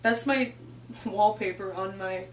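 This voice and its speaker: A woman's voice: mid-range voice, measured pace, far from the mic, very noisy. Giggly young woman, off-mic in an echoey room. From Canada. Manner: giggly, rambling. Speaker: host. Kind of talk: casual chat.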